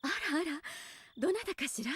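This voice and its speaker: A voice actress playing a composed adult woman who speaks softly, politely and with amusement. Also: high-pitched, expressive, racing, dry recording. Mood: amused.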